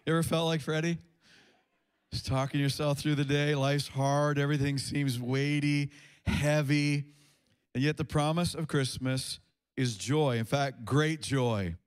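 A man's voice: fairly high pitch, steady tone, a little slow, clean tone. Man, pastor, sermon, conversational, ums and restarts. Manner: conversational preaching with fillers and restarts. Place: church sanctuary with congregation.

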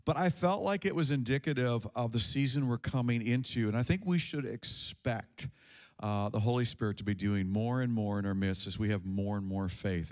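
Pastor, male, mid pitch, casual preaching full of restarts, delivers sermon to church congregation. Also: moderate pace, a little mellow. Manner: conversational preaching with fillers and restarts.

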